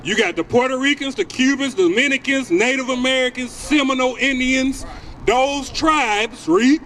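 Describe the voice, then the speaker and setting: High-voiced insistent street preacher. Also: male voice, moderate pace, bright, forceful tone, slight background noise. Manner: insistent, repeatedly calls for the next verse to be read.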